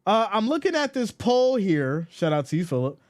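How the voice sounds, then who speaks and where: Man, sports live stream host, fairly high voice, swinging pitch, reads chat aloud, mock-exasperated banter. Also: big pitch swings, normal speed.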